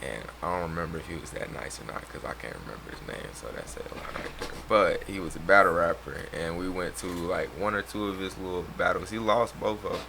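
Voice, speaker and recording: A man's voice: low voice, fast, creaky, hardly any pauses, background noise. A young man in his twenties, a rapper guest, talking casually and laughing often in a podcast chat. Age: 20s. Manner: laid-back, laughs often, slangy.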